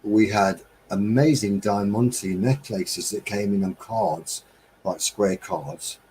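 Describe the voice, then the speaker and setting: Low, mellow-voiced man hosting a live chat. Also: steady tone, slow pace, slight background noise, poor audio. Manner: rambling, chatty, chuckles often. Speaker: live-stream chat host. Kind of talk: casual live-stream chat. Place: home studio with green screen.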